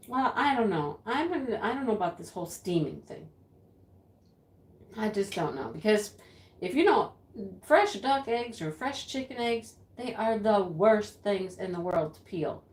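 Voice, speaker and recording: A giggly, rambling livestream crafter. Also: female voice, mid-range voice, sing-song, a little slow. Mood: chatty rambling. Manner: rambling, giggles often, easily flustered. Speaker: home craft livestream host. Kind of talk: sketch comedy character acting. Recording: roomy echo.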